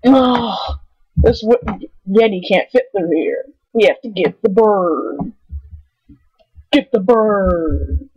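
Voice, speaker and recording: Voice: mid-range voice, takes it slowly, long pauses, husky, no echo. A young gamer voicing a goofy, lumbering yeti in sing-song chanting during gameplay commentary. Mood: grumbling. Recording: dull lo-fi recording, distant from mic.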